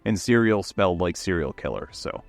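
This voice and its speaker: A man's voice: low-pitched, expressive, fairly quick, gravelly, soft background music. A man co-hosting a podcast in casual chat, talking with enthusiasm, rambling a little and often laughing. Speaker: podcast co-host.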